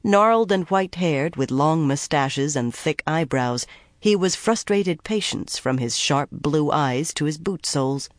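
An audiobook narrator reading a fantasy novel in a measured, even storytelling manner. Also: mid-range voice, no room sound, clean studio sound. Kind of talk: scripted narration.

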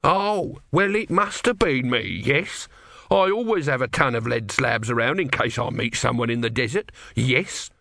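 A man's voice: medium pitch, lively intonation, measured pace, vocal fry, pushed and bright, dry recording, clean studio sound, heavily acted. A man voicing a grumpy male god trapped as a tortoise, petulant and offhand in an audiobook. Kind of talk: audiobook character voice.

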